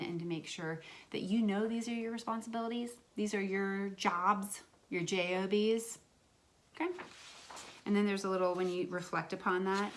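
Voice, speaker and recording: A woman with a lowish voice teaches young children remotely as their kindergarten teacher, drawing out her words in a sing-song manner. A little hiss or hum can be heard.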